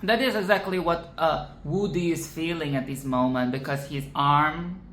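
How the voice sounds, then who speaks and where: A vlogger giving casual film commentary in a dramatic, animated way, swearing freely and repeating phrases for emphasis. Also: mid-range voice, moderate pace, slight background noise. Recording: roomy echo with faint ambience.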